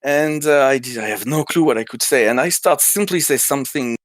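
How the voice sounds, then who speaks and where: A man's voice: medium pitch, brisk, no echo. Hesitant French-accented man, dry sound. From France. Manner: hesitant, many restarts and laughs. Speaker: indie game developer. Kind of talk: casual interview chat.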